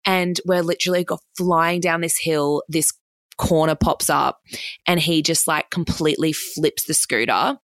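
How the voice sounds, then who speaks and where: Low, gravelly Australian woman telling a story. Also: steady tone, a bit bright, dry recording. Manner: swears freely, fast run-on anecdote full of "like". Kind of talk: casual storytelling.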